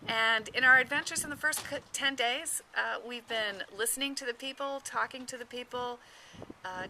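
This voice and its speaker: A fairly high-voiced woman chats upbeat through a travel vlog, the teacher of a student group. She sits outside on a hotel patio, and plenty of outdoor noise comes through. Her talk is loose and full of fillers. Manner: upbeat, chatty with frequent fillers. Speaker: teacher leading a study-abroad trip. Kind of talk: travel video blog intro.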